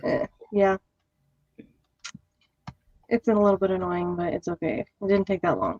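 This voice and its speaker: A woman's voice: mid-range voice, fairly even intonation, measured pace, darkish tone, no echo, muffled recording. A young woman chatting casually about everyday errands, matter-of-fact. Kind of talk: casual chat.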